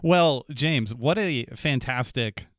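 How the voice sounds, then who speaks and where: A male podcast host who keeps the interview light with easy joking. His voice has an ordinary middle pitch for a man. It is recorded very dry and close, with almost no room sound. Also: takes it slowly, no echo.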